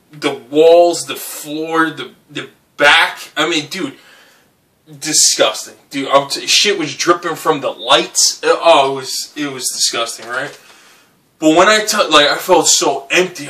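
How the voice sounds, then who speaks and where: Young guy telling a wild story, bright voice, kinda far off the mic, keeps saying dude. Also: on the high side. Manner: animated, swearing, says "right?" and "dude" often. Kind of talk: casual anecdote.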